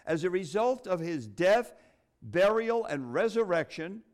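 A middle-aged man preaching a sermon, expressive, with dramatic pauses and touches of humor. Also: high voice. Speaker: pastor.

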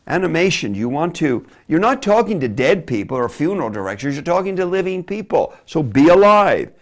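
Emphatic male preacher teaching a class, lively up-and-down delivery. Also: on the high side, fairly quick. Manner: animated, emphatic delivery with sudden drops to a quiet voice. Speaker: preacher teaching public speaking. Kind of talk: preaching lesson on speaking.

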